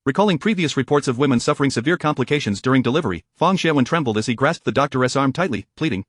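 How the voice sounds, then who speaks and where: A man narrating a story in a formal, even reading style. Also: medium pitch, quick pace, hardly any pauses, no echo, clean studio sound.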